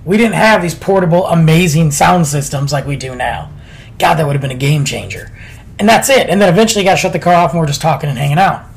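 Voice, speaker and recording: Gravelly man telling a laid-back story. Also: fairly high pitch, lively intonation, fast talker. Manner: laid-back, chatty, slangy. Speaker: podcast storyteller. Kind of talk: casual storytelling.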